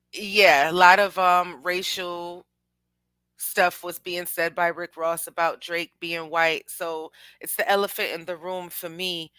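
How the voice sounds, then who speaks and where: A young woman chats animatedly about music as a show host, dropping slang and talking straight to her viewers. Her voice is bright and a little low-pitched. It sounds close-miked and dry, with no room around it. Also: clean tone, dry recording. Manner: animated, chatty, slangy, addresses the chat. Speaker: podcast host. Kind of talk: casual music commentary.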